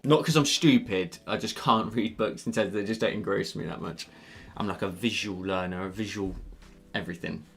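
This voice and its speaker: A man's voice: low-pitched, steady tone, a little fast, gravelly, few pauses, fairly bright tone. A man with a Scottish accent who livestreams digital painting, explaining his steps and chatting and joking with viewers as he works. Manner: chatty, joking, answers viewers' questions while working. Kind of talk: live digital painting tutorial with chat banter. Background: faint background music.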